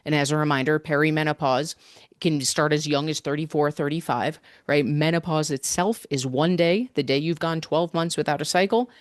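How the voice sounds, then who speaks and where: A woman's voice: low voice, normal speed, no room sound. Emphatic woman fitness coach, dry sound. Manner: energetic, emphatic, conversational with frequent "right?". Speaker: fitness coach and podcast host. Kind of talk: podcast monologue.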